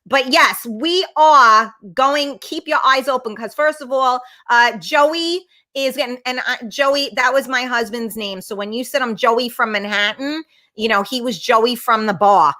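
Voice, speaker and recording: A woman's voice: fairly high pitch, a little slow, pushed and bright. A middle-aged woman hosting a casual live-stream chat, blunt and brash, swearing freely as she reads viewer comments. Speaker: talk show host.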